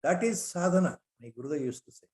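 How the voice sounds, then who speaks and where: A man's voice: on the high side, expressive, fast talker, darkish tone. A man with an Indian English accent giving a spiritual lecture on scripture, repeating rhetorical questions and weaving in Sanskrit terms.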